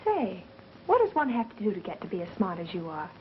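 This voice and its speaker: An actress playing a quick-witted, sarcastic young woman who works as an ad executive, in a 1930s film. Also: mid-range voice, wildly swooping pitch. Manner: sassy, sarcastic. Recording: dull 1930s film soundtrack, faint hiss.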